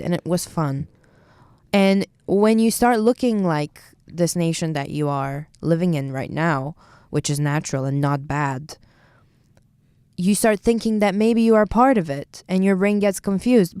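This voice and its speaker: A young woman in her twenties from Bulgaria, speaking English in a casual podcast chat, animated and opinionated. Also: medium pitch, clean tone, no room sound. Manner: animated, opinionated, quick asides. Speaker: podcast co-host, university student.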